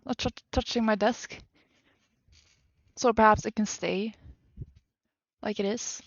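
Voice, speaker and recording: A young woman from Sweden with a Swedish accent, chatting casually to her live-stream viewers from her desk at home, self-deprecating and quick to exclaim. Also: fairly high pitch, fairly even intonation, vocal fry, no room sound, dull audio.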